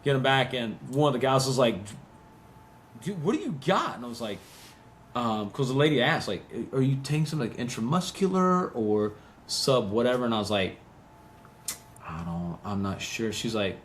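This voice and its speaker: Male podcast co-host, casual storyteller, mid pitch, faint hiss behind. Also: normal speed. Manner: animated, acts out quotes, laughs often.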